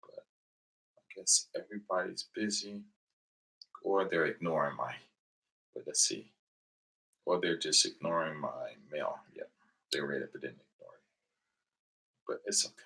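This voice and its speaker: This American man in his thirties hosts a late-night livestream from home, laughing a lot and telling meandering stories to his viewers. His very deep, creaky voice sounds bright and forceful, animated at a moderate pace with frequent pauses.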